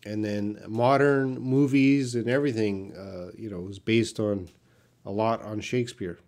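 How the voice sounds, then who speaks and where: A man's voice: lowish voice, fairly even intonation, measured pace, a little mellow. A Canadian man, an English teacher, answering viewers' questions patiently in a live-stream lesson.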